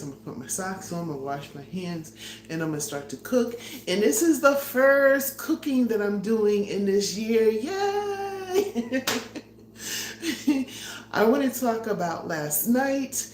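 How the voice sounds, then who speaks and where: A middle-aged woman hosting a casual live cooking stream from her home kitchen, chatty and excitable, laughing often and a little out of breath. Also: low voice, reverberant, a little hiss or hum. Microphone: phone or camera on a tripod.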